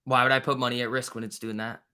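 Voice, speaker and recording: A young man with a bright, forceful voice runs casual live market commentary on a trading stream. He talks in loose bro slang, swears freely and banters with his chat as he reads the charts. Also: mid-range voice, flat delivery, quick pace, clear, resonant tone. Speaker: stock trading livestream host.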